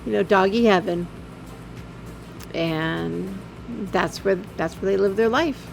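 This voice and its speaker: A woman narrating her gameplay video in a halting, heartfelt way, full of ums and visibly emotional. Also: mid-range voice, vocal fry, music in the background. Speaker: game video creator. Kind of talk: casual voice-over narration of gameplay.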